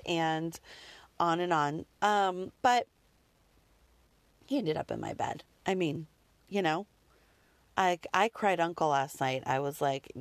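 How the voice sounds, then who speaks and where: Candid rambling mom, dry close sound. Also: female voice, lowish voice, slow, long pauses, dry recording. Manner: candid, rambling, full of "like" and "you know". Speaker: mother. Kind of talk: casual personal chat.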